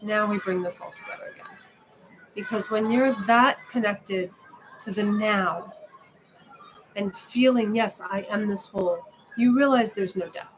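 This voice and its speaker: Female meditation teacher, reflective, gentle delivery, noisy recording. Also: mid-range voice, a little slow, long pauses. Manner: gentle, musing, with frequent "right?". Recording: steady background noise.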